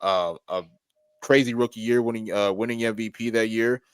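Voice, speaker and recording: A man co-hosting a podcast, making his points quickly and repeating them for emphasis in casual chat. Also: lowish voice, fairly even intonation, smooth, no echo. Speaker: podcast co-host.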